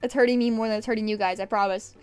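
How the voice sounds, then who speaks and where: A sick young woman streaming from her desk at home, rambling casually and swearing, with sudden loud yelps. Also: fairly high pitch, steady tone, quick pace, clear, resonant tone, soft background music. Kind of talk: casual chat while painting nails.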